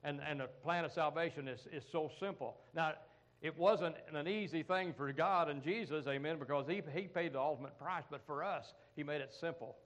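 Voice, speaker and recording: A middle-aged American man preaching in a folksy, conversational way. His voice sits a little higher than most men's. He keeps breaking up his points with "amen" and "come on" asides to the congregation. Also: fairly quick, a bit bright, low-quality recording. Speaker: pastor. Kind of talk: sermon.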